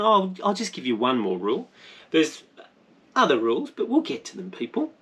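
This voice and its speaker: A man's voice: a little high, a bit bright. An Australian man narrating his spearfishing vlog in a rambling, jokey, self-mocking way. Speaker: spearfishing vlogger.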